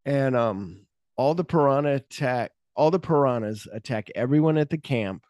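A man's voice: medium pitch, brisk, a little mellow, dry recording, clean studio sound. A man co-hosting a podcast, retelling movie scenes animatedly, acting out the quotes and swearing freely. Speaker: podcast co-host. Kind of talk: casual movie chat.

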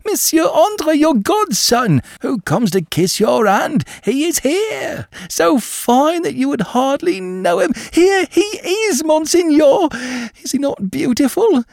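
A fawning, elderly manservant cries out in a thin, quavering voice pitched well above a normal speaking voice. He draws his words out slowly, his joy spilling over into almost breathless exclamation. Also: sing-song, creaky, darkish tone, no room sound, studio quality, heavily acted. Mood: overjoyed. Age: older. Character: elderly male servant, overjoyed and fawning.

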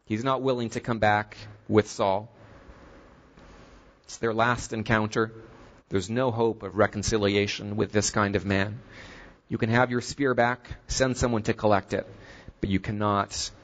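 A man preaching a sermon, earnest and steady, retelling a scripture story and drawing its lesson. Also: on the low side, unhurried.

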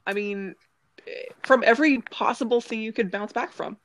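A woman's voice: fairly high pitch, normal speed, no echo, rough recording. A woman hosting an interview, encouraging her guest with frequent affirmations and easy laughter. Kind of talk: conversational interview.

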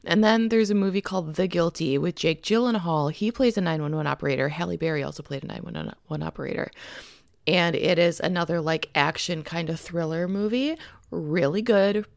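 A woman chatting on a podcast right after waking, her voice low with a gravelly fry. She rambles and giggles, swearing casually. The sound is close and dry. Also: brisk, a little mellow, no echo. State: just woken up, morning voice. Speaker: podcast co-host. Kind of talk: casual chat.

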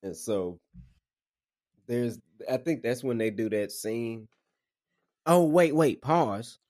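A man co-hosting a podcast, chatting about a movie at an easy pace and often breaking into loud laughter. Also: mid-range voice, slow, dry recording, studio quality. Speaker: podcast co-host. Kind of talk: casual movie recap chat.

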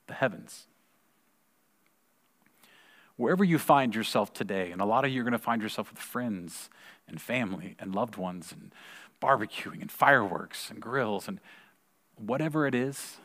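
A man in his forties giving a sermon, telling a personal story in a conversational way and repeating words when excited. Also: lowish voice. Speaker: pastor. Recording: long reverb of a large hall.

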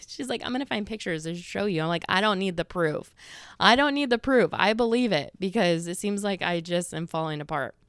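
A woman's voice: fairly low pitch, fairly quick, few pauses, clear, resonant tone, no room sound, studio quality. A woman in her thirties hosting a podcast, chatting in a rambling, casual way full of fillers and quoted asides, a little out of breath. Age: 30s. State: slightly out of breath. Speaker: podcast host. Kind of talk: casual monologue.

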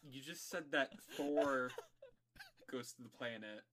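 A man co-hosting a casual podcast, chatty and quick to laugh. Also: mid-range voice, heavy background noise. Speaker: podcast co-host. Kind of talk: casual chat.

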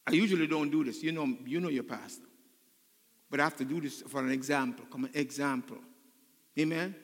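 A man's voice: on the high side, a little fast. A male pastor preaching a sermon in a church, repeating phrases and asking the congregation for an "Amen". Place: church sanctuary. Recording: long reverb in a large hall.

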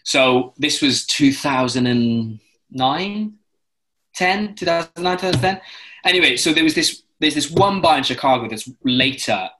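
A man from London with a British accent, a guest chatting casually and telling rambling, lively anecdotes with tangents. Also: on the high side, measured pace, slight background noise, rough recording. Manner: lively storyteller who acts out other people's voices in his anecdotes; rambling, with frequent restarts and tangents. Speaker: guest, musical theatre actor.

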